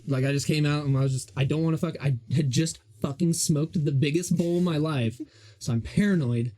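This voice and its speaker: A man's voice: a little high, quick pace, dark tone. A young man hosting a podcast, telling a story in a rambling, profane, casual way. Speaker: podcast host. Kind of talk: casual chat.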